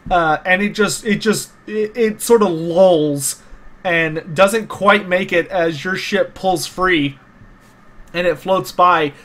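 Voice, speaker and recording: A man's voice: high voice, slow, fairly bright tone. A man narrating as game master of a tabletop game, loose and casual with lots of fillers and restarts.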